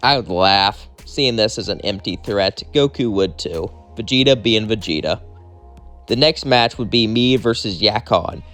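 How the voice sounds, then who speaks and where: A man's voice: on the low side, expressive, measured pace, fairly bright tone, faint music behind. A man casually narrating a fan story in a plain, rambling way.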